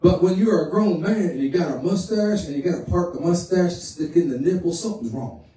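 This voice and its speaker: Heard from a distance in an echoey church sanctuary, a male pastor delivers a folksy, conversational sermon and frequently repeats himself. His voice is high-pitched, brisk and mellow.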